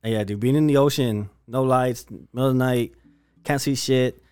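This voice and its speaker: A man's voice: medium pitch, normal speed, clear, resonant tone, no room sound, studio quality. A young man telling a wild story in casual podcast chat, swearing constantly and acting out what people said. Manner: animated storyteller, heavy swearing, slangy.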